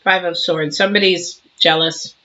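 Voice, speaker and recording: A woman's voice: on the low side, steady tone, moderate pace, pushed and bright, highs cut off. A woman in her sixties giving a casual tarot reading, emphatic and preachy, acting out little scenes as she talks. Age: 60s. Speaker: tarot reader.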